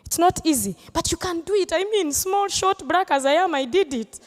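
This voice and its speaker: A woman's voice: high voice, normal speed, few pauses, in a large hall. A woman comedian from Uganda, answering audience questions live in a playful, teasing way. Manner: playful, teasing, laughs often.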